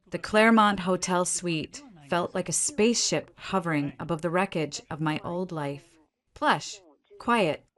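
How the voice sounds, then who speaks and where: Woman, storyteller, scripted first-person narration, steady, measured, low-pitched.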